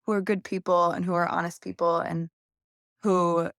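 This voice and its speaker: A woman's voice: on the low side, flat delivery, moderate pace, dry recording, studio quality. A young adult woman, a podcast guest, telling a long story candidly in a casual interview and acting out quoted voices.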